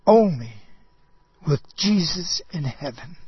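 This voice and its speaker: A man preaching a sermon, impassioned, swinging between loud outbursts and soft low asides. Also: expressive, slow, slightly rough, dry recording, muffled recording.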